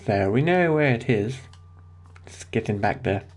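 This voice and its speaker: Speaking unhurriedly in a voice on the low side, a livestreamer comments casually on his survival game. Setbacks set him off into swearing and panicked, excitable outbursts.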